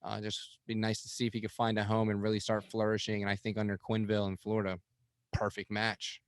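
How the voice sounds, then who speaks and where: A man's voice: fairly low pitch, completely flat delivery, fast talker, dry recording, studio quality. A man co-hosting a casual sports podcast, reading off statistics with lots of ums and uhs. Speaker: podcast co-host.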